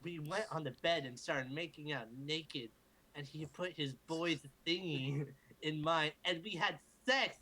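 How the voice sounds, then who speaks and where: A man's voice: a little high, a little slow, bright, forceful tone, low-quality recording. A man reading fan fiction aloud to a group for laughs, in a mock-dramatic way, stopping to joke and swear. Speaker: group reader. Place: home recording for a livestream.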